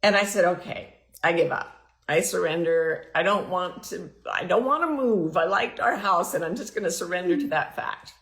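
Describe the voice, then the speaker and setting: A woman's voice: fairly low pitch, animated, normal speed, creaky, fairly bright tone, roomy sound. A middle-aged woman hosting her podcast, telling a candid personal story and acting out her inner dialogue with big swings in her voice. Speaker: podcast host.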